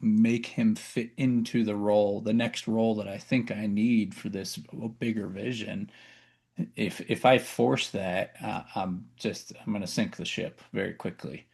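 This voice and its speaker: A man's voice: on the low side, vocal fry, a little mellow. A man co-hosting a business talk show, reflecting aloud in casual chat. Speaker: podcast co-host.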